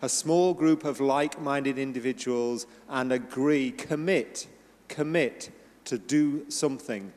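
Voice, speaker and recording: A man on a conference panel, giving energetic and encouraging advice. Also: mid-range voice. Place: large conference hall. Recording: long hall reverb.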